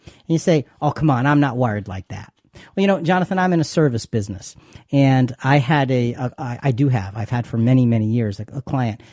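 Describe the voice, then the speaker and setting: A man's voice: mid-range voice, expressive, brisk, darkish tone, dry recording, studio quality. A man co-hosting a faith talk show, chatty and given to repeating words as he explains. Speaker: co-host.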